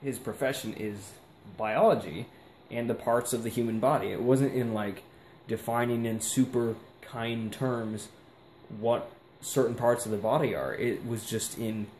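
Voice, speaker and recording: Here a young adult man vlogs in a loose, thoughtful ramble packed with fillers. His pitch sits in the middle, his tone leans dark, and his delivery is slightly slow, all captured in an echoey space with soft hiss behind it.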